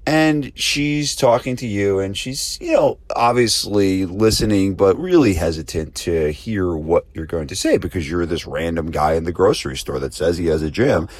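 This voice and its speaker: Brief: a low-voiced male podcast host with a conversational storytelling delivery, dry and close. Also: lively intonation, normal speed, few pauses, no room sound. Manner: conversational, storytelling with rhetorical questions. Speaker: podcast host and gym business coach. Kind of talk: casual spoken promo and talk.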